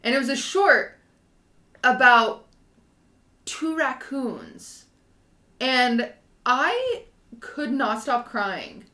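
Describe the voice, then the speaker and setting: A young woman in her twenties, a podcast co-host, chatting casually and telling a story in an animated way, full of fillers. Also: sits high, very slow, pauses often, reverberant. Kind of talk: casual chat.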